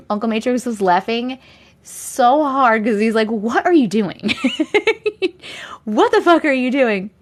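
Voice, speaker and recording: This livestream host reads viewer stories aloud, chatting casually with her audience, going through their comments, and laughing often. Her voice is fairly high and a bit bright.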